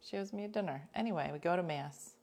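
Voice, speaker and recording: A woman host talking casually to her listeners, her voice sitting a little low. She tells stories in an animated, chatty way, and now and then she drops to a whisper for an aside. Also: quick pace.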